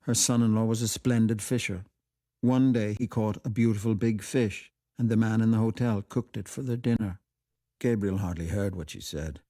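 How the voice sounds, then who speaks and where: A man reading a classic short story aloud for radio in a measured, quiet way. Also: lowish voice.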